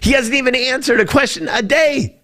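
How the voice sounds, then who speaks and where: A man's voice: very high voice, fairly quick, bright, forceful tone. A man hosting a live-streamed political talk show, ranting in a loose, profane way and breaking into mocking impressions.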